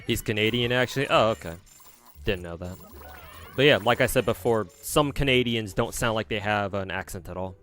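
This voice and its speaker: Faint music plays behind a young man from the United States as he chats on his stream, responding to viewers and rambling with plenty of fillers and restarts. His fairly low voice is brisk and a little bright.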